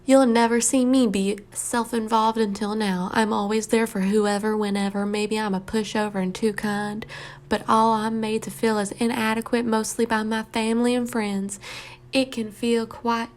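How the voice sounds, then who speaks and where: A woman's voice: on the high side, flat delivery, moderate pace, close to an everyday voice. A woman voicing a self-pitying woman with a put-on Southern accent and a whiny woe-is-me delivery. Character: self-pitying woman ranting about her hard life.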